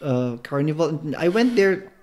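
A man with a Filipino accent, a podcast guest answering quick questions casually, hesitant with many restarts. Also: a little high, big pitch swings, a little mellow. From Philippines. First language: Tagalog.

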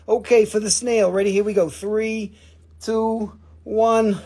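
A man hosting a live-stream crystal auction in casual chat, excitable and joking, swearing freely. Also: high voice, slow pace, husky.

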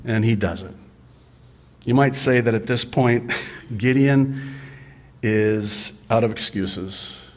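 Slow-spoken, easygoing male pastor. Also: fairly low pitch. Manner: conversational and humorous, with stammered restarts and drawn-out pauses. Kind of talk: sermon.

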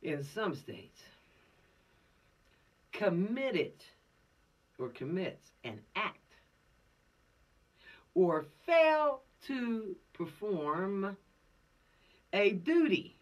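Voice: medium pitch, big pitch swings, drawn-out words, pauses often, far from the mic. A law course instructor giving an informal, preachy lecture with streetwise slang.

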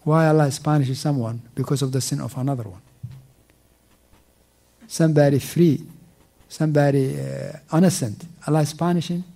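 In a mosque class on Quran commentary, a man with a mellow, somewhat high voice recites verses quickly in Arabic and then translates them slowly. He repeats words while searching for the right ones.

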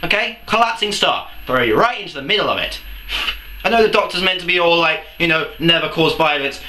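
A man's voice: high-pitched, animated, a little fast, pushed and bright, a little hiss or hum. A young man ranting angrily to camera in a comedic vlog, swearing and firing off rhetorical questions. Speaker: vlogger. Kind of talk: angry comedic rant to camera.

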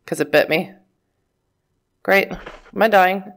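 A woman's voice: medium pitch, slow pace. A woman giving casual gameplay commentary, chatty and self-mocking, talking back to the game character. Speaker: let's play gamer.

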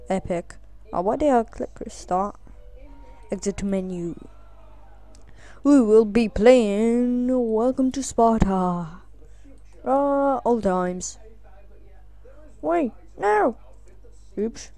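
A woman's voice: fairly high pitch, slow, gravelly, pauses often, mellow. A woman giving goofy, crude let's play commentary, yelping and squealing at mishaps in the game. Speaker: gameplay commentator.

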